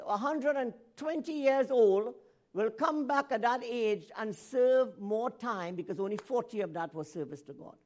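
A man preaching a sermon to a congregation. He swings from shouted emphasis to quiet asides, and he often corrects himself and repeats phrases. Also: very high voice, a little slow.

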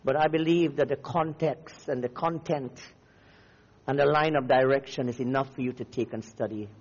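Visiting preacher from namibia, loud fiery sermon, dull recording. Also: male voice, mid-range voice, fairly even intonation, normal speed, slightly rough, in a large hall. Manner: fiery, declamatory, rising and falling.

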